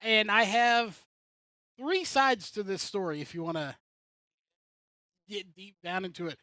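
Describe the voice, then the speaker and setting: A man's voice: high-pitched, animated, a little slow, sharp tone, dry recording. A man giving opinionated racing commentary on a casual talk show, rambling through his points. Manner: rambling and opinionated, with filler-heavy restarts. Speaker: co-host commentator.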